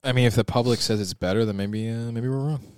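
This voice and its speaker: A man talks fast and rambles through his points in relaxed banter, with a playfully sarcastic streak. His voice is mid-pitched and recorded dry and close. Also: clear, resonant tone, no echo. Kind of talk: casual chat.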